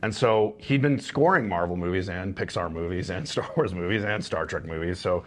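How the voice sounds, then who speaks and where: A man's voice: low voice, normal speed, slight background noise. Tired, rambling man telling stories. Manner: rambling anecdotes with frequent chuckles. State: tired, short on sleep. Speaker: guest. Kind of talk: casual interview storytelling.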